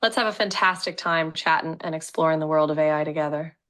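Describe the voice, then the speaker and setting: A text-to-speech woman's voice with a Southern US drawl, folksy and cheerful in how she chats. The tone is bright and forceful, sitting a little low in pitch. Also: fast. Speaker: AI voice assistant.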